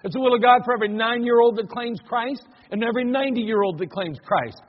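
High-voiced man preaching in a reverberant church. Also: quick pace. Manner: conversational preaching, rising to emphatic commands. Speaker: pastor. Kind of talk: sermon. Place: church sanctuary. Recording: dull lo-fi church recording with long reverb.

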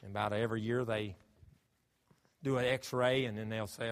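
A man's voice: on the low side, steady tone, moderate pace, a little hiss or hum. A man preaching a sermon, emphatic and full of rhetorical questions to his congregation. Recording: long hall reverb.

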